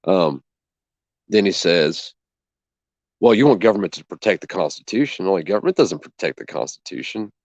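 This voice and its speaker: Low-voiced guy ranting through a story, lots of cussing, plays both sides, dull dry sound. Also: very animated, moderate pace, a little mellow, no echo. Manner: indignant, profane, acts out both sides of a conversation. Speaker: channel host. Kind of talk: casual storytelling chat.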